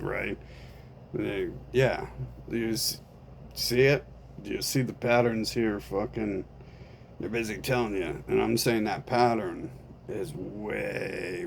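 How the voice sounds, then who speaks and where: Slow, gravelly rambling man. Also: fairly low pitch, a little hiss or hum. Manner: rambling, profane, conspiratorial. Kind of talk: profane monologue.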